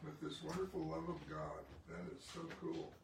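A leader of a church group who speaks warmly and informally to the gathering. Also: mid-range voice, little pitch movement, normal speed, gravelly. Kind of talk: casual church fellowship chat. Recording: echoey room, distant mic, noisy.

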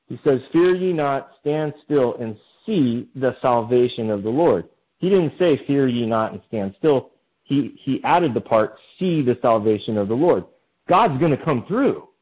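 A man's voice: medium pitch, slightly rough. A man giving an informal sermon, reading scripture aloud and then explaining it in a conversational way with many fillers. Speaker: pastor. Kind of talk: informal Bible study sermon. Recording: dull lo-fi sound.

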